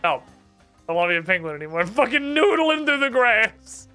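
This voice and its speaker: A young man streaming a game, commenting casually with lots of swearing and excited outbursts. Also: very high voice, brisk, smooth, soft background music. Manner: profane, excitable, reads game text aloud.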